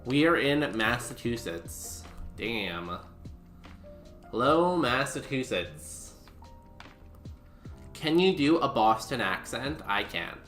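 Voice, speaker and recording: A man's voice: mid-range voice, very animated, takes it slowly, pauses often, fairly bright tone. A man streaming a game, chatting casually with goofy, self-mocking humor. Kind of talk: casual gameplay commentary. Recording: roomy echo with music behind.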